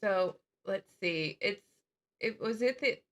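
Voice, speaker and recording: A woman's voice: medium pitch, slow. A woman host chatting casually and sarcastically while reacting to videos and telling stories. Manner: sarcastic, animated storyteller. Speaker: channel host. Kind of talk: casual commentary chat.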